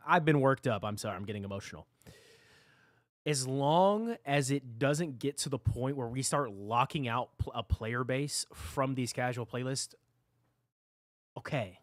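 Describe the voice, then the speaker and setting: A man's voice: medium pitch, expressive, moderate pace, a bit bright, no room sound, clean studio sound. A man streaming a game live, ranting at his chat with mock drama and repeating himself. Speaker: gaming livestreamer.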